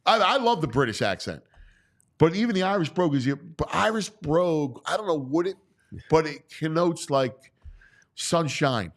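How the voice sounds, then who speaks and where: A man's voice: fairly high pitch, lively intonation, moderate pace. A middle-aged man hosting casual sports talk, opinionated and prone to stammering restarts. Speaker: sports talk show host.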